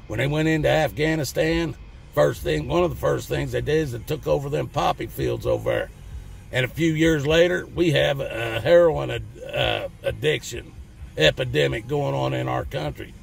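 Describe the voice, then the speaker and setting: Gravelly fired-up Southern man ranting. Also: medium pitch, moderate pace. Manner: blunt, folksy, fired-up ranting with cussing. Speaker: channel host. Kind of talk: ranting opinion monologue to camera.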